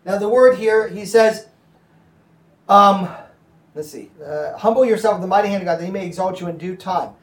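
A man's voice: high voice, normal speed, echoey room, recorded from a distance. A man preaching as a pastor, explaining scripture in a conversational way and checking in with his listeners. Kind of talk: Bible teaching.

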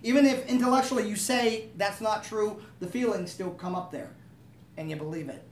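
A man's voice: high voice, moderate pace, slight background noise. Echoey distant man preaching. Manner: conversational, asks the room for agreement. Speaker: pastor. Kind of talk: sermon.

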